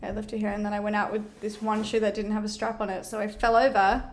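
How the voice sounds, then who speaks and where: A woman guest chatting casually, giggling and acting out quotes in a high squeal. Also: flat delivery, quick pace, echoey room, background noise. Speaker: podcast guest. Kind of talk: casual chat.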